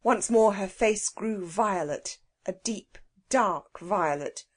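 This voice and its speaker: A woman narrating a children's audiobook with an expressive, animated reading. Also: medium pitch, slow pace.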